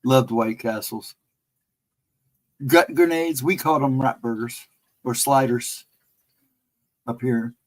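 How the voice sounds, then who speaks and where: A man's voice: medium pitch, steady tone, slow pace, pauses often, rough recording. Chuckling man rambling through a casual livestream chat. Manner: rambling anecdotal storyteller, chuckling often. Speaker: livestream host chatting with viewers.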